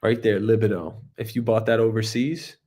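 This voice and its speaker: A man in his thirties hosting his own show, talking in a rambling, jokey monologue with swearing and sudden loud bursts. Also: on the low side, steady tone, normal speed. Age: 30s. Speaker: host. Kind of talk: casual solo monologue.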